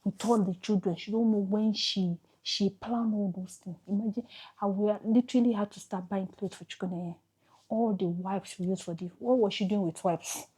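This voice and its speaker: A Nigerian woman talking straight into her camera. She tells a painful personal story in a halting, emotional way, often repeating a phrase before going on. Her voice is husky and breathy, and her pitch sits in an ordinary middle range. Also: fairly even intonation, mellow. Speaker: vlogger telling her life story.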